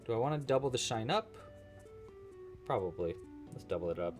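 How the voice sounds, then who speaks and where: Casual male livestream host, joking and thinking out loud, very animated melody. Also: medium pitch, a little fast, faint music behind. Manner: chatty, joking, thinks aloud while working. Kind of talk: casual live crochet-along chat.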